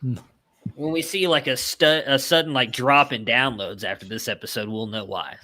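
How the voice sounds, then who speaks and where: A man's voice: medium pitch, normal speed, pushed and bright. A man co-hosting a sports podcast, chatting in a playful, joking way. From Texas. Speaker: podcast co-host. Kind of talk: casual podcast chat.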